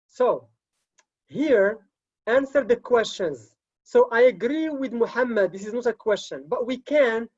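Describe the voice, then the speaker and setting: A woman's voice: fairly high pitch, slightly rough, muffled recording. A woman teacher trainer giving an online class lecture, repeating key words and checking in with frequent okays.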